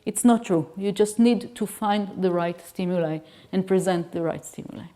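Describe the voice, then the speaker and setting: A woman's voice: medium pitch, normal speed, dark tone. A woman, a native Hebrew speaker, giving an academic lecture as guest lecturer, explaining step by step with restarts and checks like "okay?". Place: lecture hall.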